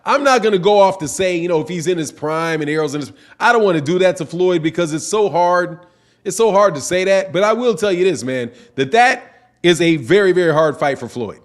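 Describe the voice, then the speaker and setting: A man's voice: a little high, brisk. A man hosting a casual boxing livestream, reading super chats aloud in slangy, repetitive, laughing talk. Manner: animated, slangy, repeats himself, laughs often. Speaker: boxing channel host.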